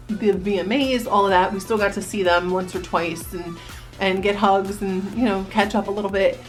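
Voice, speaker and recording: Jersey woman vlogging, chatty storytime, mid pitch, bit of music underneath. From New Jersey, USA. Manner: chatty, animated reminiscing with quoted voices. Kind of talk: casual storytelling to camera.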